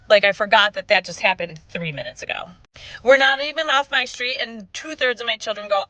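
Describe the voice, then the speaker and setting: A woman in her thirties, a mother telling a comic storytime with wry, exasperated, deadpan asides. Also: fairly high pitch, fairly quick, dry recording, low-quality recording.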